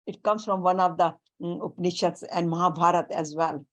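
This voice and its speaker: A woman giving a spiritual talk, speaking deliberately and weaving in Sanskrit and Hindi terms. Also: fairly low pitch, fairly even intonation. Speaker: spiritual teacher.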